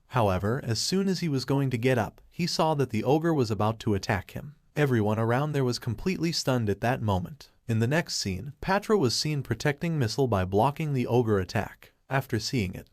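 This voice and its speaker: A man's voice: mid-range voice, no echo. Man narrating a manga recap, dry. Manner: steady retelling in reported speech. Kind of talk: scripted narration.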